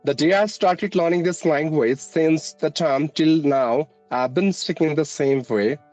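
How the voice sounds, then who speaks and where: A man's voice: on the high side, measured pace, a little mellow, no room sound, low-quality recording. A man from India, an English teacher and channel host, answering interview questions in an earnest, formal way and politely calling her "ma'am". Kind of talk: conversational interview. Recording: faint background music.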